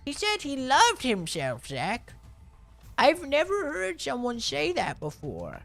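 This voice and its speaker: A man's voice: high-pitched, big pitch swings, unhurried, gravelly, fairly bright tone, soft background music, exaggerated voice. A man voicing his middle-aged mother, blunt and outraged as she retells an argument. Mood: indignant.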